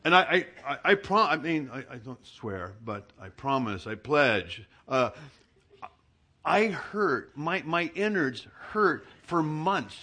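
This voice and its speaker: Male pastor, bright voice, conversational preacher who pokes fun at himself. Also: on the high side, sing-song, slow pace. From Southern California. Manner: conversational storyteller, self-mocking humor. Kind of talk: sermon with humorous personal anecdotes.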